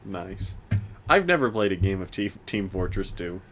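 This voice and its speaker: A young man co-hosting a casual podcast chat, rambling with lots of restarts and animated rants. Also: low voice, moderate pace, noisy background. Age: young adult. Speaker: podcast co-host.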